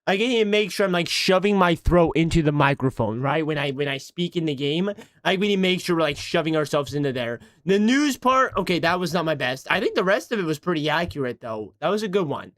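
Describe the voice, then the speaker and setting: A man's voice: on the high side, expressive, brisk, few pauses, a bit bright. A man streaming casually, flustered and self-mocking as he talks through his voice attempts aloud. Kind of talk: casual livestream chat.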